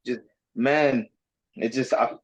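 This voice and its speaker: A man rambling excitedly on a casual group video call, apologizing for going off topic. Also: mid-range voice, takes it slowly. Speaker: group member. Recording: dull lo-fi call audio.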